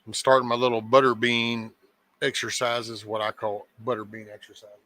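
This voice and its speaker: Folksy, rambling man with a bright voice. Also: mid-range voice, level tone, normal speed. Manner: folksy, meandering, joking. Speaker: host of a daily live show. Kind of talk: casual rambling morning chat.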